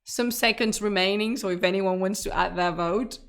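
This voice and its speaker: A woman's voice: mid-range voice, moderate pace. Chatty woman streamer. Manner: chatty and laughing, with frequent restarts and fillers. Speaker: streamer, history channel host. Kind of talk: casual live-stream chat to viewers.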